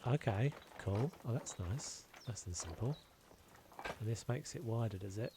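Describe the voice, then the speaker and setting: A man's voice: medium pitch, normal speed, vocal fry, noisy background. A man giving casual, self-deprecating commentary as he plays, thinking aloud and muttering to himself. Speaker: gameplay video creator.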